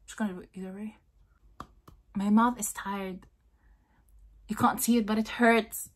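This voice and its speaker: Slow-talking breathy young-sounding woman. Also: mid-range voice, animated. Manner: hesitant, repeats beatbox syllables over and over. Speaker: vlogger. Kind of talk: casual vlog, talking to herself.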